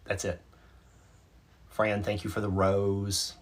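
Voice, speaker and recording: A man's voice: lowish voice, completely flat delivery, slow pace. A man from North Carolina, hosting a casual livestream and answering viewer comments in a chatty, self-mocking way. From North Carolina, USA. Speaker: livestream host. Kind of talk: casual live chat, reading out viewer comments.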